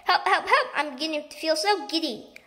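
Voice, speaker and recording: Woman playing a screeching nasty old woman, very high and loud, storybook. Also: expressive, fairly quick. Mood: shrill, panicked. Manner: screaming, shrill.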